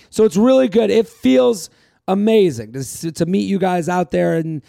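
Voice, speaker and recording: A comedian hosting his podcast in a high, gravelly voice. He rambles through casual chat, cracks crude jokes and plugs his shows. The sound is dry and close. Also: moderate pace, dark tone, dry recording. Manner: rambling, crude joking, self-promoting.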